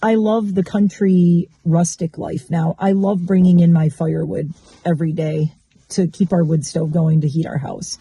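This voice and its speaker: A woman's voice: lowish voice, steady tone, normal speed, gravelly, dark tone, husky. A woman from Michigan speaking in a reflective, rambling, candid way as she talks about her life in a personal vlog. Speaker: vlogger.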